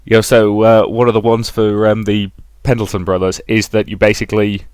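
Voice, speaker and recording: Lowish guy voice, lets play host, reads the story quick and chats between bits. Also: flat delivery, a little mellow, smooth, no echo. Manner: brisk reading, chatty asides. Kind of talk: reading a visual novel aloud and commenting.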